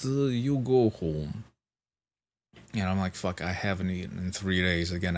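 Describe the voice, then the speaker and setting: A sleep-deprived man with a fairly low voice vlogs a rambling story in casual chat, swearing freely and restarting his sentences.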